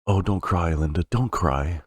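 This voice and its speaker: A frightened little boy, hurt and pleading, as a man reading a novel puts him on. The voice is lifted well above the reader's own deep tone. The sound is dry and close. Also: measured pace, slightly rough, dry recording. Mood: soothing.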